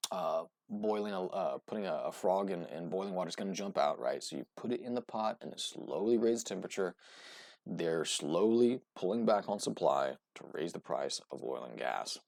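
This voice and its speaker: Man, very low pitch, gravelly, rambling casual commentary, dry close sound. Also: animated, moderate pace, darkish tone, no echo. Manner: rambling, filler-heavy, keeps asking "right?". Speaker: host.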